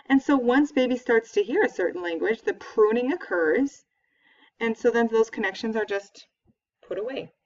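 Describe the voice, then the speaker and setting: A woman's voice: a little high, lively intonation, normal speed, darkish tone. A woman professor giving a lecture, explaining in a conversational way with occasional fillers. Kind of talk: recorded lecture. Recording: dull, distant lecture recording.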